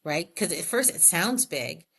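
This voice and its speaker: A middle-aged woman with a fairly low voice speaks as an interview guest. She tells candid, animated stories and acts out the quoted back-and-forth. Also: unhurried, gravelly, slightly rough. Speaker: health plan president, guest. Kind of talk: conversational interview storytelling.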